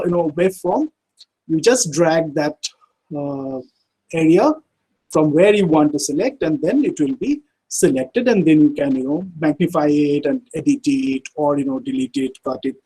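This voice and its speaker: A man giving an online software tutorial, speaking haltingly with frequent fillers. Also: fairly high pitch, expressive, husky, poor audio. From India. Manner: halting, many fillers like "uh" and "you know". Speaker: workshop instructor.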